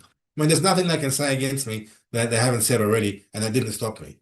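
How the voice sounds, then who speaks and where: A middle-aged man with an Australian accent hosting a casual livestream from a room in a consulate, chatting and reading out viewer comments in an animated, rambling way. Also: mid-range voice, fast talker. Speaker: livestream host. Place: room inside a consulate building. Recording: roomy echo.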